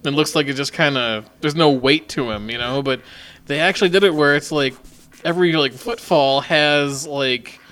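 A man's voice: fairly high pitch, moderate pace, a bit bright. A man co-hosting a casual podcast chat, rambling and swearing as he talks. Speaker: podcast co-host.

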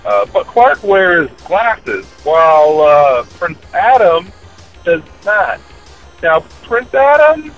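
A man's voice: on the high side, a bit bright, low-quality recording. A man leaving a recorded listener message for a podcast, talking in a chatty, rambling way.

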